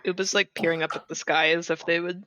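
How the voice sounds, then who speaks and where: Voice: mid-range voice, level tone, fast, sharp tone, slight background noise. A player at a tabletop game who chats and thinks aloud with lots of "like", recorded on a dull lo-fi mic. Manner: chatty, thinks aloud with many likes. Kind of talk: casual tabletop game talk.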